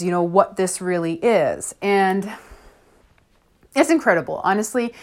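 A woman hosting her own podcast, talking alone to her listeners. Her speech is candid and loose, full of fillers and quick asides, and laughter keeps breaking through. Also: mid-range voice. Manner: frank and chatty, laughs often, many fillers. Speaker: podcast host. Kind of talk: casual solo podcast monologue.

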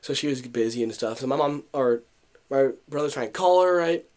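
A man's voice: mid-range voice, brisk, darkish tone. A young man co-hosting a podcast, telling a story in casual chat, acting out what people said, with many fillers and restarts. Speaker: podcast co-host.

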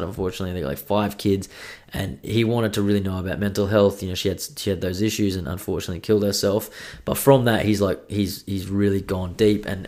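A young man hosting a podcast, congested from a cold, rambling casually and swearing a lot. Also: low-pitched. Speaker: podcast host. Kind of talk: casual solo podcast chat.

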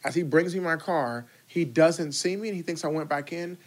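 A man telling a crude story as a podcast guest, casual and swearing, acting out people with sudden high yells. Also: moderate pace. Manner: animated, profane, acts out voices in high yells.

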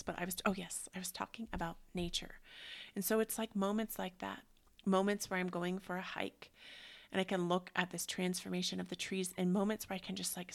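A woman in her thirties hosting a spiritual book club, chatting in a rambling, dreamy way that often drops into soft whispers. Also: medium pitch, gravelly. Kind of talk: casual spiritual chat.

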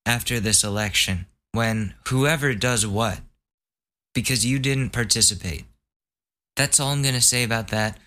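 A young man, hosting a podcast, delivers a casual, exasperated monologue, a long profane story in which he mocks others with put-on voices. His mid-range voice has a sharp tone and a slightly slow delivery.

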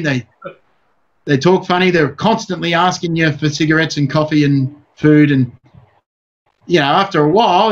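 An Australian man chatting as a guest, blunt and rambling, cursing freely in a somewhat high voice. The recording has a dull, lo-fi sound. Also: a bit bright. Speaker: guest comedian. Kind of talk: casual interview chat.

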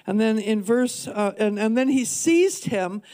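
A woman's voice: on the high side, lively intonation, unhurried, warm tone. A woman minister preaching a sermon with earnest emphasis, repeating key points for weight. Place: church.

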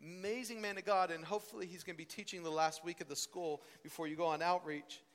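A young man teaching at a ministry school, telling stories in an animated preaching style. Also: high voice, quick pace. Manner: animated storytelling, voice rising and falling with emotion. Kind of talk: sermon. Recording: long hall reverb.

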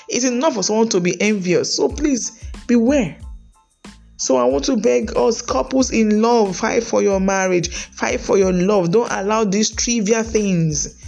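A middle-aged Nigerian woman gives pastoral marriage advice on her podcast, pleading and earnest, circling back over her own words. Her voice carries a gravelly fry, with soft music running faintly underneath. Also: medium pitch. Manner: earnest, pleading, repeats and restarts phrases. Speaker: marriage counselor, podcast host.

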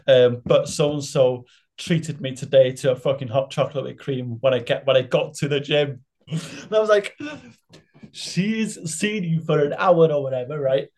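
A man's voice: medium pitch, moderate pace, a little mellow. A man co-hosting a coaching podcast, telling stories in exasperated, sweary casual chat.

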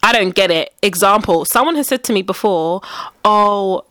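A woman's voice: medium pitch, animated, brisk, fairly bright tone, no echo. A young woman co-hosting a podcast, talking bluntly and frankly in casual chat and laughing often. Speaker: podcast co-host.

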